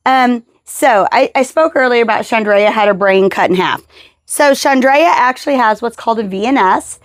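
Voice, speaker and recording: A woman hosting a podcast, a mother and caregiver who tells stories in a lively, casual way and acts out the people she quotes. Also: fairly high pitch, normal speed, no echo, clean studio sound. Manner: animated storyteller acting out quotes. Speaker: podcast host; mother and caregiver of a child with seizures. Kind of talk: casual storytelling interview.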